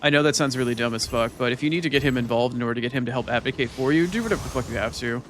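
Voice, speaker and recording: A man's voice: mid-range voice, racing, slight background noise. A man streaming a game from his chair at home, chatting casually with viewers in a loose, profane, rambling and playful way. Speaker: gaming streamer.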